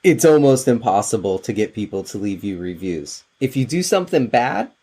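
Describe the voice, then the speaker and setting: A man's voice: fairly low pitch, sing-song, normal speed, warm tone, breathy edge. A man hosting a podcast, asking rambling conversational questions of his guest. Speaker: podcast host.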